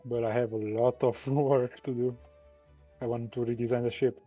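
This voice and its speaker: A man role-playing his character in a tabletop game, easygoing and quick to laugh. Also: medium pitch, level tone, warm tone, soft background music. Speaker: player.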